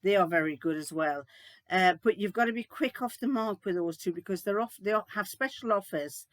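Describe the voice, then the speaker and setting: A chatty older woman answering viewer questions in a casual sewing vlog. She rambles, trails off and restarts, with plenty of fillers. Her voice sits at a middling pitch and sounds close and dry on a laptop mic. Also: a little fast, no echo. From United Kingdom. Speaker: sewing vlogger.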